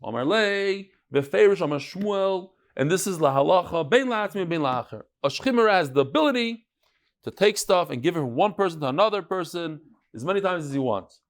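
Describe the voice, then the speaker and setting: Lively man teaching a Talmud class. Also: high-pitched, a little fast. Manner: storytelling, banters with students.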